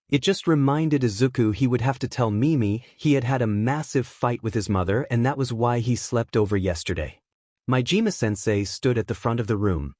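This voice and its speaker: A man reading a fan fiction story aloud in a steady storytelling manner. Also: mid-range voice, no echo, clean studio sound.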